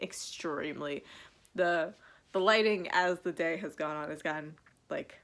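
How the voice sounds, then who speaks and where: A woman's voice: fairly low pitch, a bit bright. A young woman in her twenties gushing in a casual live reaction vlog. She talks with lots of fillers and laughs, teary and close to crying. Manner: gushing, filler-heavy, emotional, breaks into laughs. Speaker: vlogger reacting to an album.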